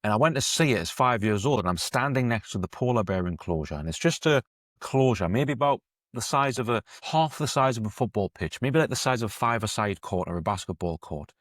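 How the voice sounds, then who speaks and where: A man's voice: on the low side, expressive, a little fast, fairly bright tone, dry recording, clean studio sound. A man, an eating coach telling a story in a chatty, conversational podcast monologue. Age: 30s.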